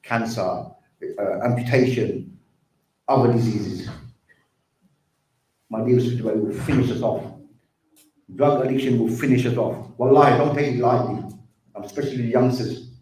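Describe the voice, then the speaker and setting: Man giving a heartfelt talk on addiction, mellow voice, really echoey hall, mic far off. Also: medium pitch, steady tone, moderate pace, long pauses. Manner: earnest, repetitive, addresses listeners as brothers and sisters. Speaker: speaker on drug addiction. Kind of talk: community talk.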